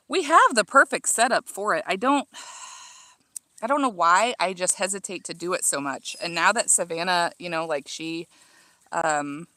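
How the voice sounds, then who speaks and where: Low, pushed, and bright, her voice comes through a dry recording. Out in her home garden cutting herbs, the thirtysomething from Illinois casually reads viewers' livestream comments aloud, chatting with many fillers and restarts.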